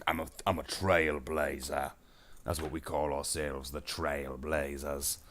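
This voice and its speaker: A huge, bossy male orc warlord with an extremely deep rumble, bragging about his name, his colors and his truck, as a streamer puts him on. He rambles on and stretches out his big declarations. It is casual live stream banter held in character. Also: fairly bright tone. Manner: rambling, boastful, with slow drawn-out declarations. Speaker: live streamer painting miniatures.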